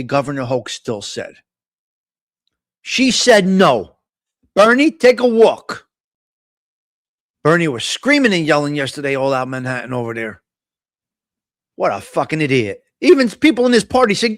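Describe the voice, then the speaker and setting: A man's voice: fairly high pitch, big pitch swings, a little slow, long pauses, dry recording. A middle-aged man with a New York-area accent hosting a live morning talk stream, rambling through crude, joking banter. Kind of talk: casual live-stream chat.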